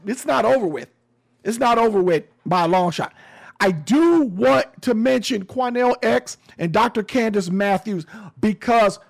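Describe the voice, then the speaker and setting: A man with a fairly high voice talks slowly through a casual commentary. He is sarcastic and emphatic, and he circles back over his own words. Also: gravelly. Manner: sarcastic, emphatic, repeats phrases.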